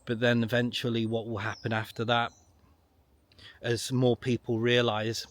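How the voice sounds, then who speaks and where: A middle-aged man giving a solo commentary to camera, emphatic and ranting, repeating his points with long pauses. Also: mid-range voice, completely flat delivery. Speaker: online political commentator.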